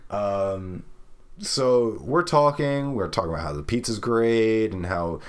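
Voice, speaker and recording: A man's voice: lowish voice, measured pace. A young man from Brooklyn, telling a story in casual chat, swearing freely and filling with "like". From Brooklyn, New York. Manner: swears freely, rambling with lots of "like".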